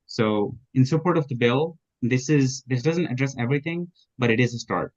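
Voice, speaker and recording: A man giving earnest public testimony at a hearing, halting with fillers and restarts. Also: mid-range voice. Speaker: public witness. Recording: dull lo-fi audio.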